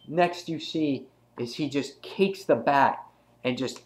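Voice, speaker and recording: Guy doing a comic review vlog, mid pitch, gets worked up retelling stuff, stumbles a lot. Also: measured pace. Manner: excited retelling with many restarts. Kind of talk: casual video review.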